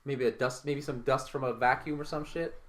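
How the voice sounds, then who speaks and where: A young man playing a tabletop game, brash and profane, quick to joke. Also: mid-range voice, fairly even intonation, fairly bright tone. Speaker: player. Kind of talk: casual tabletop play.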